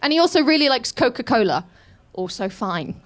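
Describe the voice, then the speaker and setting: A woman doing a stand-up comedy set, giggly and animated, laughing through her lines. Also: on the high side, moderate pace.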